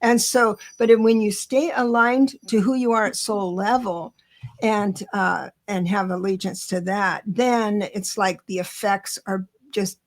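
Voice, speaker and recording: Slow-talking reflective woman host. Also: medium pitch, steady tone. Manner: reflective, speaks of soul alignment and cause and effect. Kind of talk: casual chat.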